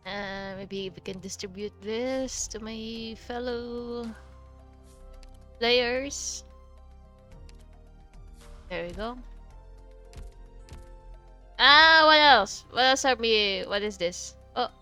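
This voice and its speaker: A woman's voice: a little high, very slow, pauses often, pushed and bright, faint music behind. A woman from the Philippines with a Filipino accent, chatting casually while streaming a game, laughing often and swearing freely. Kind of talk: casual chat while playing.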